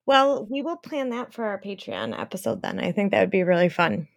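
A woman's voice: mid-range voice, wildly swooping pitch, brisk, vocal fry, no echo. A woman co-hosting a casual podcast chat, teasing and laughing often. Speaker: podcast co-host.

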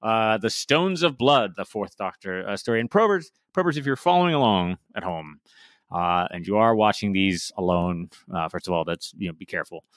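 Male podcast co-host, halting, filler-heavy delivery with an animated, swinging pitch; dry close mic. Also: dry recording. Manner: halting, lots of fillers and restarts. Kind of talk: casual chat.

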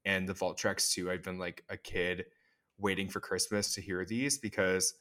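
A man's voice: low-pitched, flat delivery, normal speed, pushed and bright. A man co-hosting a casual pop culture podcast, emphatic and opinionated, using colorful sayings. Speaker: podcast co-host.

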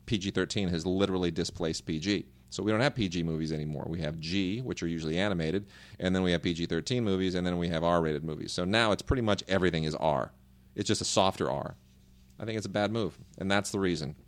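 A man's voice: deep voice, fast talker. A middle-aged man co-hosting a casual podcast, reading listener emails and giving rambling, opinionated answers. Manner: rambling, opinionated, restarts sentences.

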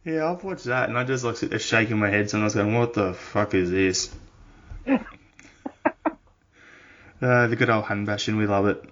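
Chill podcast host guy, low voice, jokey, kinda muffled audio. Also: moderate pace, long pauses, noisy background. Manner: laid-back, joking, sweary. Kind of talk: casual podcast chat. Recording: dull lo-fi audio.

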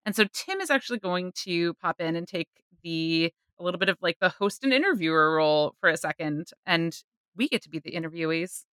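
A woman co-hosting a podcast in casual chat, animated and prone to tangents. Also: lowish voice, a little fast, clean tone, no room sound, clean studio sound. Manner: chatty, animated, trails into tangents. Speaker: podcast co-host.

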